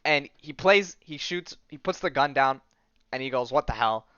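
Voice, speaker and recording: Man, podcast host, casual rambling recap, lots of filler words, bright and clear voice, dull lo-fi dry sound. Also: fairly high pitch, normal speed, dry recording. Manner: rambling, heavy use of "like" and "um"; enthusiastic slang, says "dude" and "bro".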